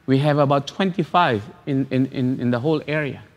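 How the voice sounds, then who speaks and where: A man pastor preaching a sermon, repeating phrases and asking rhetorical questions with halting restarts. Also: mid-range voice, muffled recording, faint music behind. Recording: long hall reverb.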